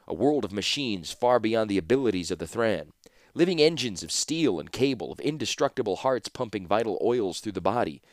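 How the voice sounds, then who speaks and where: A man reading a fantasy novel aloud in an even, measured narration. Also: fairly low pitch, dry recording, studio quality. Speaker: audiobook narrator. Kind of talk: scripted narration.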